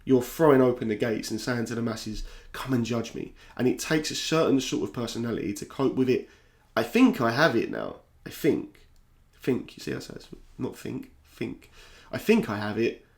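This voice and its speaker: A man's voice: mid-range voice, very animated, a little fast, creaky. A young man from South London with a South London accent, speaking candidly to camera in a reflective vlog, often stopping to restart his sentences. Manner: candid, restless, repeats himself and restarts. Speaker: YouTuber. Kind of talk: reflective talking-head vlog.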